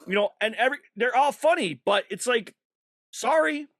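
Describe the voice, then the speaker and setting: A man who is a stand-up comedian, chatting casually on a podcast, animated and laughing often with quick asides. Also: very high voice, no echo, studio quality.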